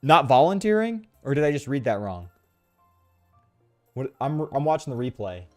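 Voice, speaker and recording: Animated, jokey man streaming a game. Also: medium pitch, normal speed, dry recording, faint music behind. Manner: animated, jokey, crude slang, reads game text aloud. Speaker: let's play streamer. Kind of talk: casual gaming commentary.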